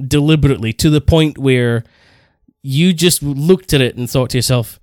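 A man's voice: mid-range voice, normal speed, dry recording, studio quality. Rambling man, podcast host. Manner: rambling, animated storytelling with self-corrections. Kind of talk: casual podcast chat.

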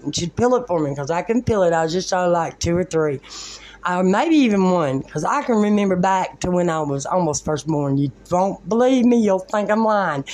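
A woman's voice: medium pitch, darkish tone. A woman delivering a rambling religious monologue in a fervent, preachy way, using colloquial, folksy grammar.

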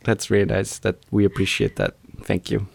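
A man's voice: fairly low pitch, flat delivery, moderate pace, creaky, dry recording. A man from Austria co-hosting a podcast in casual chat, joking and self-deprecating. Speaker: podcast co-host.

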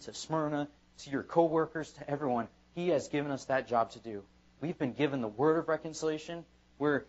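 A man pastor preaching an evening sermon in church, emphatic and repetitive. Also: medium pitch. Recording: dull lo-fi sermon recording.

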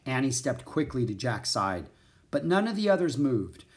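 Male audiobook narrator, expressive and lively. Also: mid-range voice, normal speed. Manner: expressive, storytelling. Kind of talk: children's audiobook reading.

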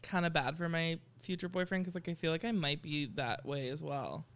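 Brief: podcast co-host, woman, smooth clear voice, self-deprecating, laughs easily. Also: low-pitched, fairly even intonation, a little fast. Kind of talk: casual chat.

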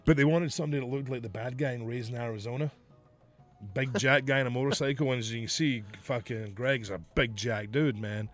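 A man's voice: mid-range voice, fairly quick, soft background music. A middle-aged man, a podcast host and former wrestler, telling stories in casual chat, swearing freely and laughing often. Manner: profane, laughs often, storytelling.

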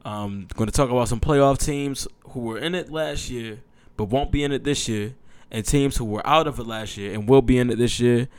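A young adult man hosting a casual football podcast, excitable and chatty, with loose talk full of fillers and restarts. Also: mid-range voice, moderate pace, clear, resonant tone, no room sound. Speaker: podcast host.

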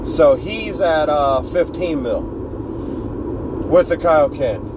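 A man's voice: on the high side, very slow. Easygoing male storyteller, loose and profane, talking from a car with road noise. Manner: laid-back, joking, swears freely, loses his words. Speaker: fan storyteller. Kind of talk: casual rambling retelling.

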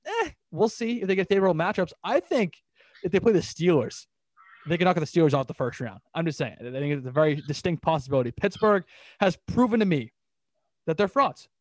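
Fast, animated young man on sports talk. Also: fairly high pitch, no echo. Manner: animated, rambling, quick recaps of scores. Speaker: podcast host.

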